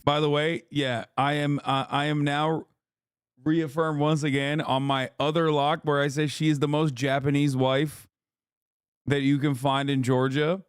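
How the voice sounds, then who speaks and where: A man gives live reaction commentary on a stream, crude and mocking and swearing freely. His voice is smooth and a bit high for a man. The sound is dry and close, with no room echo. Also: little pitch movement, measured pace.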